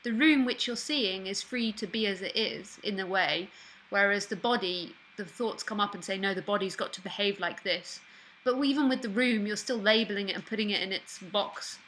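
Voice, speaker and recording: A woman's voice: medium pitch, moderate pace, a bit bright, slight background noise, poor audio. A woman leading a spiritual call-in talk, playful and direct, laughing often. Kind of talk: casual spiritual dialogue.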